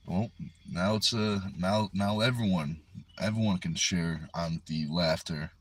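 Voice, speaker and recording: Brief: low-pitched male streamer, laid-back, reading chat aloud from his car on a phone mic. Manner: easygoing, chatty, reads comments aloud and answers them. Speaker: livestream host. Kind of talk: casual live chat reading viewer comments. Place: inside a parked car. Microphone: phone resting on the steering wheel.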